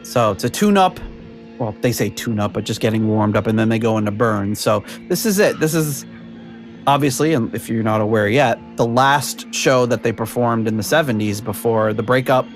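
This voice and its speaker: A man's voice: medium pitch, normal speed, faint music behind. A man hosting a podcast in casual chat over a video call, rambling with lots of fillers and frequent laughs. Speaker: podcast host.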